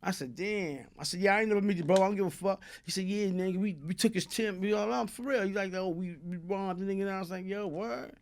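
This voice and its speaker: A man's voice: high voice, steady tone, quick pace, few pauses. A man from Brooklyn with a New York accent, telling a long, profane, streetwise story as an interview guest. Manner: streetwise, profane, tag questions like "you heard?". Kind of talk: casual storytelling.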